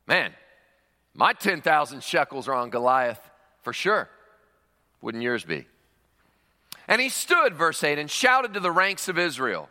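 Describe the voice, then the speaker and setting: A man preaching a sermon, animated, with jokey asides and rhetorical questions to the congregation. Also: fairly high pitch, measured pace, pauses often. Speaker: pastor. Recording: long hall reverb.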